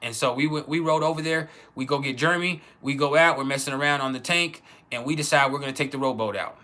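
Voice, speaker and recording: A man telling a personal childhood story in a casual, halting way, with many restarts. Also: mid-range voice, bright, forceful tone. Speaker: channel host.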